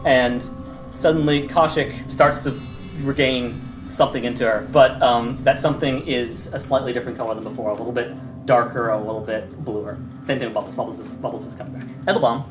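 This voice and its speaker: A man narrating as game master of a tabletop game, rambling with fillers and quick laughs. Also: mid-range voice, steady tone, music in the background, poor audio.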